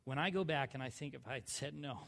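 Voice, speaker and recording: A man in his thirties from southern California, telling his personal story in a sermon, swinging from hushed to loud. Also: mid-range voice, fast, creaky, big-room sound. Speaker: church speaker sharing testimony.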